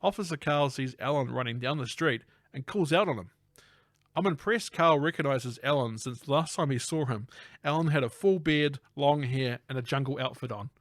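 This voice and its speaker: A man's voice: mid-range voice, moderate pace, no echo, studio quality. A man co-hosting a film review podcast, retelling the plot in casual chat and acting out lines in voices, laughing often.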